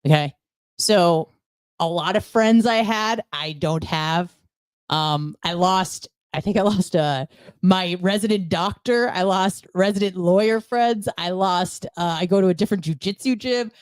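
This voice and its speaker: A woman's voice: fairly low pitch, measured pace, clear, resonant tone, no room sound. A woman guest on a podcast, telling her story bluntly with frequent swearing. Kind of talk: candid conversational storytelling.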